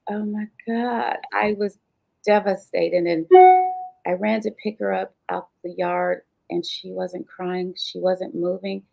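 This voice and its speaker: A woman's voice: lowish voice, measured pace, vocal fry, darkish tone, faint music behind. A woman guest on an interview show, telling a painful personal story vividly and acting out the dialogue.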